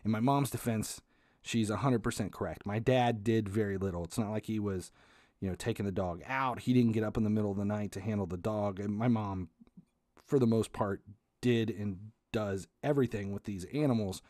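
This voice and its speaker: A man with a low-pitched voice hosts a podcast and tells a comic story about his family. He speaks casually and with energy, swearing freely, restarting his sentences and laughing through the funny parts. The sound is dry and close to the mic. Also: no echo. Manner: animated, swearing, frequent restarts, quick to laugh. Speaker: podcast host.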